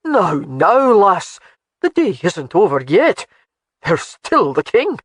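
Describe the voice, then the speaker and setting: A narrator voicing a kindly old priest in an audiobook, consoling and gentle. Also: male voice, sits high, huge pitch swings, slow pace, breathy edge, no room sound, full character voice. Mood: soothing.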